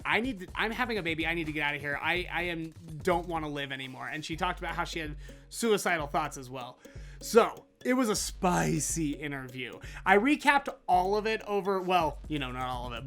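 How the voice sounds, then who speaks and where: A woman's voice: mid-range voice, a bit bright. A woman hosting a comedic news recap, sarcastic and mocking, who drags out phrases for emphasis. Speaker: host.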